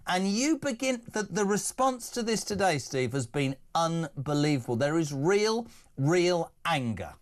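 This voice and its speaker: A middle-aged Englishman hosting a radio phone-in, animated and emphatic with jokey asides. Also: a little high, unhurried. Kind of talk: opinionated talk radio. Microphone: studio microphone.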